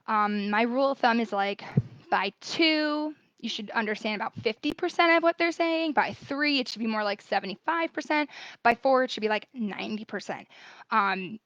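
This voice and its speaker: A woman's voice: on the high side, a bit bright, no echo. Chatty woman speech therapist explaining. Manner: chatty, many fillers, self-correcting. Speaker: speech-language pathologist. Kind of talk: casual informal teaching talk. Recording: dry, slightly dull sound.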